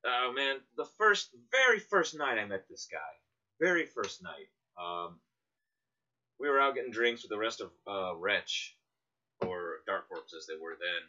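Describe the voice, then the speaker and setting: Lively, bright-voiced man telling stories. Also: lowish voice. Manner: animated storyteller, laughs often. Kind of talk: casual anecdote telling. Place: small one-room apartment. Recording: dull lo-fi radio recording.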